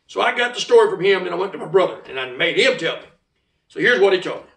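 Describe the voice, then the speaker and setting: A man with a drawl spins a tale in a folksy, animated way, acting out the voices of the people in it. His voice sits high and swings widely, with a gravelly rasp. He sounds a little distant from the mic in an echoey room. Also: fast. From South Carolina. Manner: folksy, animated, acts out voices in quoted speech. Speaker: storyteller. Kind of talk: casual oral storytelling.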